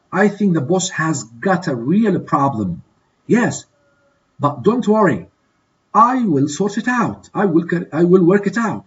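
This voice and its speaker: A man with a somewhat high, husky voice teaches an English class. He reads out each prompt, then says the answers over and over, checking in with his listeners. The recording sounds dull and low-fi. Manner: repeats model answers slowly and checks with "okay?". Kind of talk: classroom exercise walkthrough.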